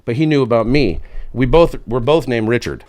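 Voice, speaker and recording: A man chatting as a podcast guest, easygoing and loose-tongued, spinning a story with plenty of swearing. His voice sits at an ordinary middle pitch, and he slips into the voices of the people he quotes as he goes. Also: moderate pace, a little mellow. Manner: profane, laid-back, acts out quotes. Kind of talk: casual storytelling chat.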